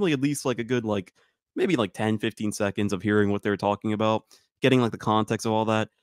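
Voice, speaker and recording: A man's voice: medium pitch, no echo, studio quality. A young man co-hosting a comedy podcast, telling a story in a laid-back way and correcting himself. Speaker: podcast co-host. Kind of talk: casual storytelling chat.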